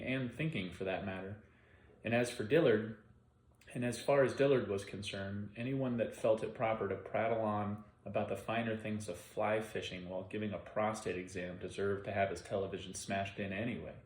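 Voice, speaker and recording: A man narrating an audiobook in an unhurried, plain reading style. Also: on the low side, a little mellow. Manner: unhurried plain reading with occasional self-corrections. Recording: roomy echo.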